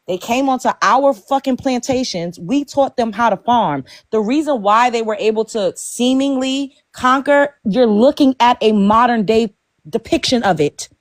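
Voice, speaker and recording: A woman's voice: fairly high pitch, dry recording. Blunt, profane woman host, dry sound. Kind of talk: heated panel talk.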